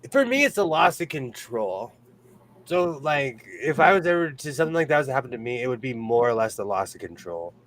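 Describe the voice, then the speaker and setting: A man's voice: mid-range voice, big pitch swings, fairly quick, fairly bright tone, a little hiss or hum. A man from California hosting a sewing livestream, chatting casually, laughing often and reading the chat aloud.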